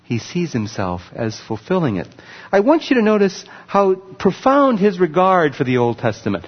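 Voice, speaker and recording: A man's voice: fairly high pitch, big pitch swings, normal speed. A man preaching a sermon, teaching in an emphatic way and pointing things out on a screen with a laser pointer. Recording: muffled recording with long hall reverb.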